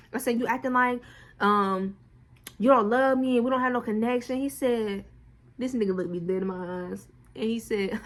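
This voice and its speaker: Animated young woman telling a story. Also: on the high side. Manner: animated, swears a lot, acts out quotes. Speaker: vlogger. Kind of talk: casual storytime.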